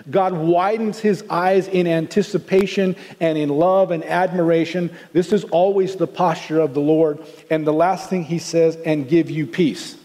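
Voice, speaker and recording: A man's voice: high voice, warm tone, in a large hall. An older man from the American South with a Southern accent, preaching a sermon in an earnest, conversational way. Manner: conversational, earnest, with many restarts. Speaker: pastor.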